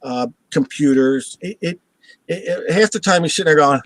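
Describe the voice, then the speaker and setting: A man's voice: fairly high pitch, normal speed, slight background noise, low-quality recording. A man hosting a live show, telling a story with lots of laughter and acted-out voices. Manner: animated storyteller who acts out voices and laughs at his own jokes. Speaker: host.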